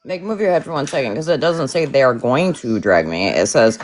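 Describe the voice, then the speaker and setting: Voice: mid-range voice, animated, brisk. A person on a livestream, chiming in casually with blunt, bossy asides. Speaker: livestream co-participant.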